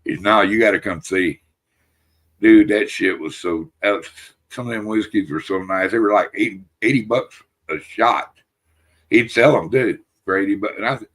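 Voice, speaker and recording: A man with a somewhat low voice tells rambling stories in a relaxed podcast chat. He swears freely and laughs his way through each tale, looping back with "and, uh" as he goes. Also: normal speed, husky. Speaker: podcast host. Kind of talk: casual storytelling chat.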